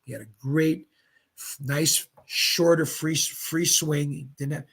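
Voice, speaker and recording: A man in his seventies from Pennsylvania, a retired bowler and guest, telling rambling, animated anecdotes in casual chat. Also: on the high side, takes it slowly, creaky, breathy edge. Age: 70s. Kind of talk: casual storytelling.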